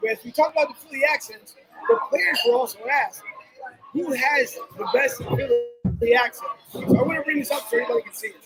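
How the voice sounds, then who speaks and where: A man's voice: very high-pitched, lively intonation, a little fast, over music, low-quality recording. A man hosting a sports talk show, rambling and repeating himself as he talks. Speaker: host. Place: loud sports bar.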